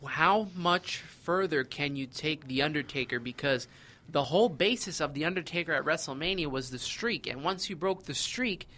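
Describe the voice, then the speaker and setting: A man co-hosting a casual wrestling podcast, asking questions in a measured way. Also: a little high, expressive, bright, forceful tone. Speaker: podcast co-host.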